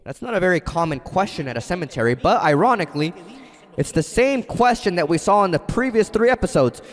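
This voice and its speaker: A man preaching a sermon in a large hall, telling stories dramatically and swinging between loud and hushed. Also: sits high, sing-song, brisk. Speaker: pastor. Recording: long hall reverb.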